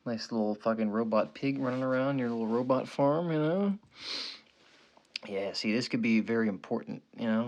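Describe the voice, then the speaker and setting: A man's voice: mid-range voice, normal speed, darkish tone, highs cut off. A young man hosting a sports betting show, rambling and swearing casually as he gives picks and jokes around, tagging lines with "okay" and "you know".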